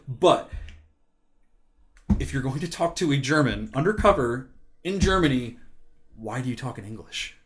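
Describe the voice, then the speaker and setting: A man's voice: mid-range voice, animated, moderate pace, long pauses, a crowd in the background. A young man from New Jersey ranting loosely in a casual podcast chat, full of "like" and restarts. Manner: rambling, lots of "like", ranting. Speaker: podcast co-host.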